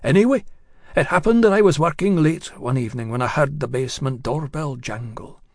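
A male storyteller with a slightly high voice narrates in the first person, measured and confiding, as if speaking straight to the listener. The recording is close and dry, with no room echo.

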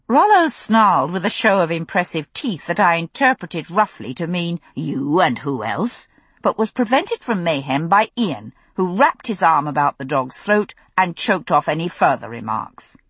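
A woman narrating a novel in the first person, with expressive, dramatic storytelling. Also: on the low side, normal speed, hardly any pauses, husky, no echo. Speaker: audiobook narrator.

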